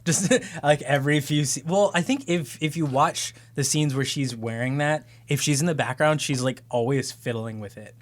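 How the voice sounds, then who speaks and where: A man co-hosting a casual podcast at an ordinary pitch. He talks loosely and chattily, with many fillers along the way. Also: normal speed, hardly any pauses. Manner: chatty, full of fillers and laughs. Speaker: podcast co-host. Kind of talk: casual chat.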